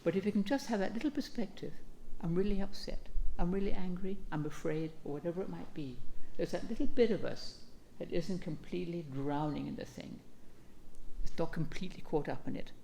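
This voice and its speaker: A woman, an abbess, giving a calm and gentle dharma talk, speaking in an unhurried way with reflective pauses. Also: lowish voice, gravelly, a little hiss or hum.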